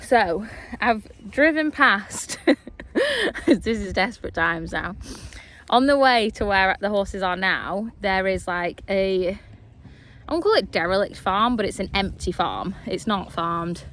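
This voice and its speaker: Speaking into a handheld phone in a large field, a young woman vlogs casually with horses and dogs around, chatting, laughing in asides, and addressing the animals. Her medium-pitched, slightly bright voice is animated but slow-paced.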